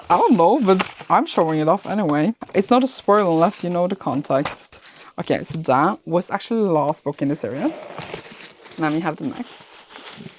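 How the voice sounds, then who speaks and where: A young woman vlogging casually about her books, gushing and excitable, often breaking off mid-sentence. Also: fairly low pitch, a little hiss or hum. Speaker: book vlogger. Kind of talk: casual reading vlog.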